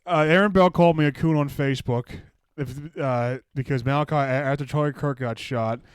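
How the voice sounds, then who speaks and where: A man's voice: a little high, steady tone, a little fast, clean tone, no echo. A young man co-hosting a comedy podcast, laid-back and storytelling in casual chat. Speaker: podcast co-host.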